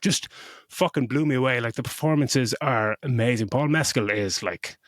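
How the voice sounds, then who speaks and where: Man, middle-aged, casual podcast chat, excitable and sweary, dry close sound. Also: mid-range voice, normal speed, dry recording. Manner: effusive, swears freely, animated retelling. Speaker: podcast co-host. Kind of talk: casual movie review chat.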